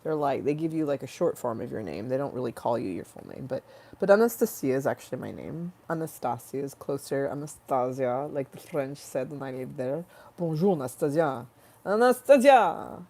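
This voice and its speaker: Hoarse, low-voiced woman rambling on a livestream. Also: expressive, fairly quick, warm tone. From United States. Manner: rambling, jokey, swears freely, goes off on tangents. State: hoarse after a flu. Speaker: livestream host. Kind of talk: casual chat livestream.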